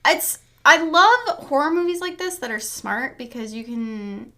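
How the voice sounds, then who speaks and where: A woman hosting a casual podcast, giggly and animated, wrapping up the episode. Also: sits high, measured pace. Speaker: podcast co-host. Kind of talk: casual chat.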